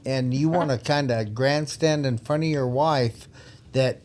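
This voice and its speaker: A man's voice: mid-range voice, unhurried, a little mellow. An older man, a retired police officer, telling stories in a blunt, emphatic way with frequent laughs on a podcast microphone. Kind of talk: casual storytelling.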